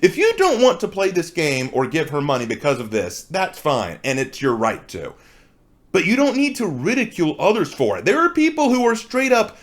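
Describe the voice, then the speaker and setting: A man's voice: fairly high pitch, wildly swooping pitch, moderate pace. A man giving a conversational response commentary, rebutting points and asking rhetorical questions. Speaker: commentary video creator.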